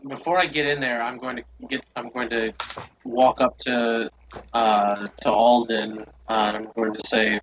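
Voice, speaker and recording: A man's voice: medium pitch, flat delivery, a little slow, fairly bright tone, lo-fi sound. A man playing in a tabletop game, speaking hesitantly and declaring his character's actions. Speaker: player.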